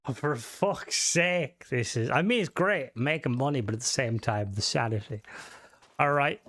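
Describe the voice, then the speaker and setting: A man's voice: medium pitch, moderate pace, fairly bright tone, no echo. A man chatting casually on a live stream about game mods, swearing freely, rambling and joking, sometimes humming to himself. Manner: hums and sings to himself between remarks. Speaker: livestreamer reviewing game mods.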